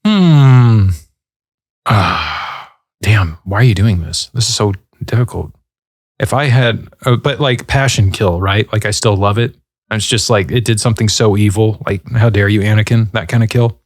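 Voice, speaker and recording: A podcast host in his thirties reads listener questions aloud and muses on them in a laid-back, rambling style full of fillers. His low voice moves at a moderate pace, recorded dry and close to the mic with no echo.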